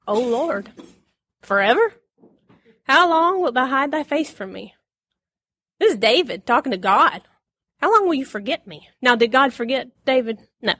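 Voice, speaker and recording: A woman giving a casual Bible lesson, chatty and quick to laugh, acting out the lines she quotes. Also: high voice, pushed and bright, no echo, clean studio sound. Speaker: Bible teacher.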